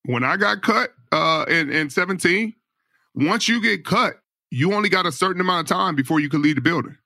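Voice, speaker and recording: High bright voice, laid-back man in a dry room. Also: animated, a little fast, creaky, dry recording. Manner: laid-back, slangy, starts over mid-sentence. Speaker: podcast guest, football analyst. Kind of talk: casual chat.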